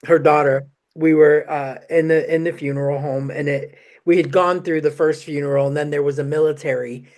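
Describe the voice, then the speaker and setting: A man's voice: a little high, steady tone, fairly quick, darkish tone. A man hosting a podcast, talking in a chatty way, full of "you know" fillers. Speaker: podcast host. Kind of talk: podcast conversation.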